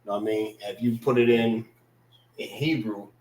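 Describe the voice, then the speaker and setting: A man's voice: lowish voice, fairly even intonation, darkish tone, reverberant. A man teaching a casual vocabulary class, repeating words and checking in with his listeners. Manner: slow, repetitive, checks in with listeners.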